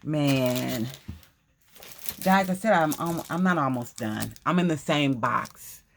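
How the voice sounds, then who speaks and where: Here a woman with a deep, gravelly voice takes her time, with a slight hiss or hum underneath. As a crafting vlogger unboxing at home, she talks casually and effusively, gasping over items and echoing her own phrases.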